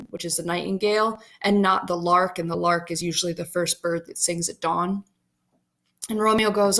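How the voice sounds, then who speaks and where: A woman's voice: mid-range voice, fairly even intonation, unhurried, fairly bright tone. A woman teacher casually explaining a play scene by scene to students.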